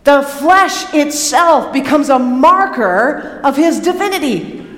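A woman preacher giving an animated sermon, moving between hushed and excited. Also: high voice, takes it slowly. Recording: echoey hall reverb.

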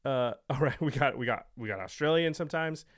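Guy co-hosting a chill podcast, gets loud and laughy, mid-pitched voice. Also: brisk. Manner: animated, laughs often, emphatic outbursts. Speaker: podcast co-host. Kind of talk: casual chat.

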